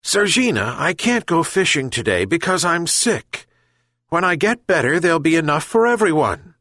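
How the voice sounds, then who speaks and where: A man's voice: a little high, sing-song, moderate pace, no echo, clean studio sound, pitched above the performer's own voice, exaggerated voice. A man doing a kindly old fisherman calling out. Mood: pleading. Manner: calling out loudly.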